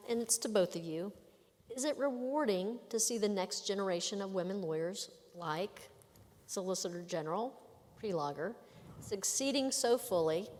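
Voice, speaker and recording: A woman moderating a conference panel, reading an audience question in a measured, inviting way. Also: mid-range voice, animated, darkish tone, a little hiss or hum. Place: large conference hall. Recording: long hall reverb.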